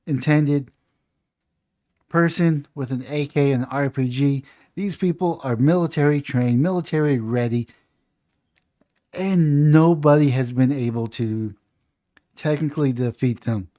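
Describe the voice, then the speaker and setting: A man's voice: mid-range voice, unhurried, mellow. A man giving an opinionated political commentary monologue, reading news aloud and then ranting emphatically about it. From United States.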